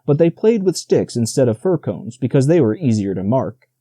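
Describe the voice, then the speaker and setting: A man reading a children's audiobook aloud in an expressive storytelling manner. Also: mid-range voice, normal speed, slightly rough, dry recording, clean studio sound. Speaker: audiobook narrator. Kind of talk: scripted narration.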